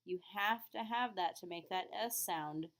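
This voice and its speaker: A woman's voice: fairly low pitch, a little slow, a bit bright. A woman teaching beginner French, explaining patiently and modeling phrases with exaggerated rising intonation. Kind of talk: classroom lesson.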